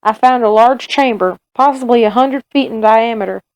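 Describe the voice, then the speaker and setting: A woman reading aloud as a male frontier soldier telling his own story, in a Southern US accent with steady, measured narration. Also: fairly high pitch, dry recording, close to an everyday voice, low-quality recording. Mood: grave.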